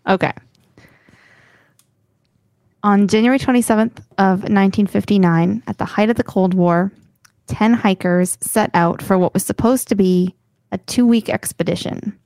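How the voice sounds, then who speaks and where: Reading a story from her notes, this podcast co-host keeps things casual and giggly, stumbling over words frequently. She speaks at normal speed with a darkish, medium-pitched voice, and there's no echo.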